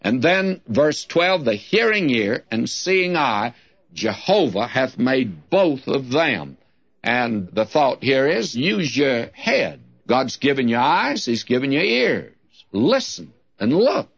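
Slow older male Bible teacher. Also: mid-range voice, breathy edge. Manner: slow, deliberate, reads scripture then explains it. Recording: dull lo-fi sermon recording.

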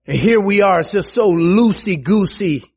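Preacher guy giving a sermon, high voice that jumps all over, kinda husky, chatty asides to the crowd. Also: normal speed. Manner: animated, rises high for emphasis and quoted voices; conversational, with restarts and asides to the congregation.

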